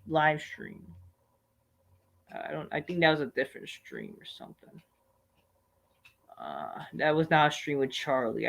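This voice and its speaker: A man with a somewhat high voice runs a casual live stream Q&A, rambling through viewer questions. He swears freely and jumps into loud, animated outbursts. He talks into a computer mic.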